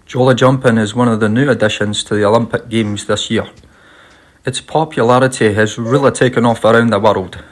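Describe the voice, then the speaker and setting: A man with a New Zealand accent talking as a sports trainer, with relaxed, hesitant answers full of fillers. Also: medium pitch, fairly quick. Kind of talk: casual interview answers.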